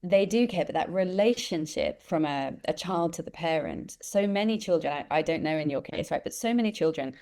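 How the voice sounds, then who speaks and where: A woman, a guest who tells lively stories and acts out the voices of the people she quotes. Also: sits low, brisk, few pauses. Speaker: interview guest, empathy expert. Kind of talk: conversational storytelling.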